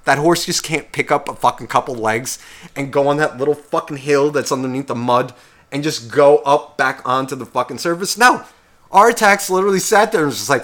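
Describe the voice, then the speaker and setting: A man's voice: a little high, lively intonation, fairly quick, fairly bright tone. A young man co-hosting a podcast, telling a long story in a heated, swearing casual rant. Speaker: podcast co-host.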